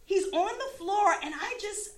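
A woman from the East Coast of the USA telling a personal story in a casual, animated way, laughing often and swearing freely. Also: extremely high pitch, measured pace.

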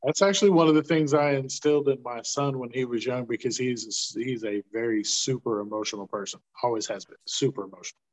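A man in casual conversation on a podcast, talking in a relaxed, folksy, fatherly way. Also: mid-range voice, fast, few pauses. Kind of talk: casual chat. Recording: dull lo-fi sound.

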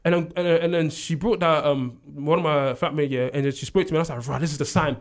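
A young man telling a story in casual chat, animated, acting out what people said and laughing often. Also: a little high, fast. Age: young adult. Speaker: university student.

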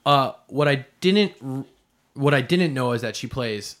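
A man's voice: mid-range voice, expressive, a little slow. Joking, foul-mouthed man on a podcast. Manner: profane, joking, laughs often. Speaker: podcast co-host. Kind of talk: casual movie chat.

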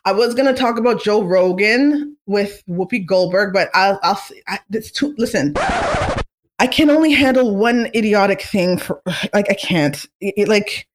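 A woman hosting a casual talk show, her voice at a middle pitch. She talks in an animated, opinionated way, with plenty of fillers and asides. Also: moderate pace. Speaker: podcast host. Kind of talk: casual chat.

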